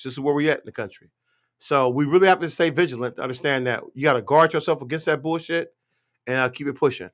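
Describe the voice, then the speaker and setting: Profane, ranting man with a high voice. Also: a bit bright. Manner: profane, blunt, rambling. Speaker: live stream host. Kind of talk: casual political rant.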